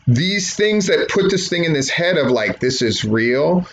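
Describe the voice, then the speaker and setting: A man's voice: a little high, very animated, unhurried, hardly any pauses, highs cut off, a little hiss or hum. A man reviewing a wrestling match, blunt, profane and opinionated, mocking others in impressions. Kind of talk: profane rant-style review commentary.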